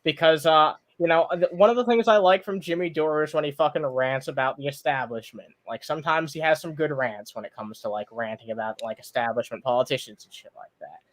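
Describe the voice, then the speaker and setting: A man hosts a casual livestream in a slightly higher voice. He swears freely and keeps restarting his sentences with "um" and "like". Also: a little fast, few pauses. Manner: heavy swearing, frequent "um"s and restarts. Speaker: livestream host.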